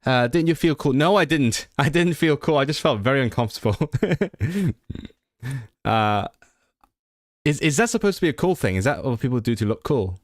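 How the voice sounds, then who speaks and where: A man's voice: mid-range voice, expressive, moderate pace, no room sound, studio quality. A young man whose first language is not English, chatting casually on a livestream. He laughs at himself often and restarts his sentences with stammers.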